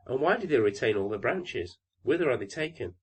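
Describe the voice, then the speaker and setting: A man's voice: mid-range voice, big pitch swings, brisk, husky. A man voicing a young fir tree in a storybook reading, eager and full of longing questions.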